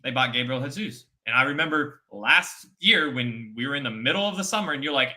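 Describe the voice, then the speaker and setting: A man's voice: mid-range voice, expressive, a little fast, hardly any pauses, pushed and bright. A man giving emphatic, opinionated football takes in a casual chat, repeating his points. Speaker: football fan pundit. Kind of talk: casual post-match chat.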